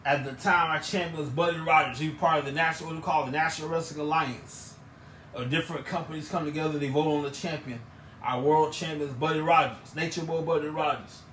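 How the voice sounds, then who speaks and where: A man's voice: fairly high pitch, fairly even intonation, quick pace, a bit bright, distant mic. A man, co-hosting a casual podcast, rambling through stories and repeating his phrases. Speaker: podcast co-host. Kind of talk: casual chat. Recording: echoey room with faint noise.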